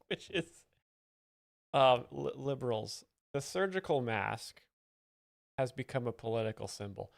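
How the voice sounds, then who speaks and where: A man's voice: medium pitch, lively intonation, measured pace, vocal fry, pauses often, no echo. A man hosting as a self-serious joke explainer, commenting on comedy clips in a pompous professorial manner. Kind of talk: deadpan mock-expert commentary over clips.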